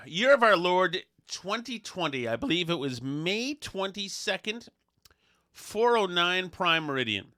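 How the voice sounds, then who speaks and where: A man's voice: sits high, takes it slowly, no room sound, studio quality. A middle-aged man hosting a podcast, bantering casually and telling jokey, sarcastic stories. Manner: joking, sarcastic, animated storytelling. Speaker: podcast host.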